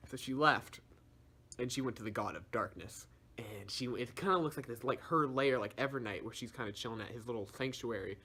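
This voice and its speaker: A man's voice: medium pitch, moderate pace, breathy edge. Young man giving a slangy, laughing recap. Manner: slangy, laughs often, animated storytelling. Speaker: video reviewer. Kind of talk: casual plot recap.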